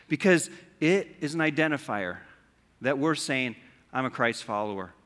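Bright-voiced preacher in a reverberant hall. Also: male voice, mid-range voice. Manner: conversational preaching with rhetorical questions. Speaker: pastor. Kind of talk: sermon.

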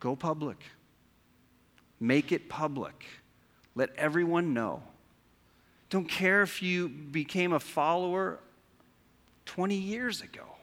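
Bright-voiced preacher in a reverberant hall. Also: male voice, on the high side, slow pace, pauses often. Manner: conversational preaching with rhetorical questions. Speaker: pastor. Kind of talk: sermon.

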